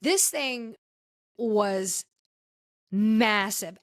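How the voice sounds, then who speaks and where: A woman hosting a podcast, telling stories in a casual, animated way with frequent exclamations. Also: mid-range voice, very slow, no echo. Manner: animated storytelling, exclaiming often. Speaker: podcast host.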